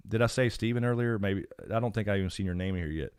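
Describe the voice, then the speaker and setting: A man's voice: medium pitch, brisk, hardly any pauses, clear, resonant tone, no echo, studio quality. A man hosting a casual live stream Q&A, rambling with frequent fillers as he greets chat names. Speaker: YouTube channel host. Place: home.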